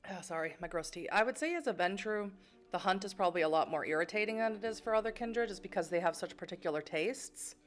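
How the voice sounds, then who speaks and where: A woman's voice: medium pitch, quick pace. A young woman streaming a narrative game, chatting playfully with many fillers and laughs while reading the game text aloud.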